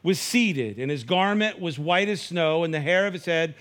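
A man's voice: a little high, normal speed, fairly bright tone. A man preaching a conversational sermon, acting out the dialogue of the figures in the story. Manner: conversational preaching, acts out dialogue, frequent restarts. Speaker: pastor.

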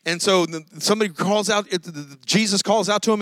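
Bright, high-voiced male preacher. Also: quick pace, no echo. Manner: animated storytelling preacher. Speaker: pastor. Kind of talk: sermon.

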